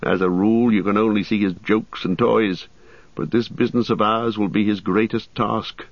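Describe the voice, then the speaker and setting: A man's voice: lowish voice, steady tone, no echo. Strider, a grave ranger, as a man reads him. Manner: slow, solemn and measured. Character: grave weathered male ranger, watchful. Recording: slightly muffled recording.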